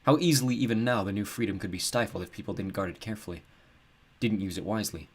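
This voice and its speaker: Man reading an audiobook, lowish voice, calm and steady. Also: fast, breathy edge. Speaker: audiobook narrator. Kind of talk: scripted narration.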